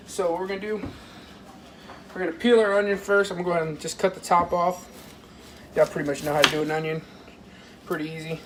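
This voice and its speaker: A man's voice: fairly high pitch, poor audio. A man, chatting informally to viewers in a casual cooking vlog from his parents' kitchen. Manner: rambling, informal, talks straight to viewers. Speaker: fishing vlogger. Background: faint household noise.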